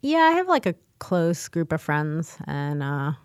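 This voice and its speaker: A woman comedian as a podcast guest, talking casually in a dry, deadpan way. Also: low voice, a little slow, clean tone, no room sound. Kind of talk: casual interview chat.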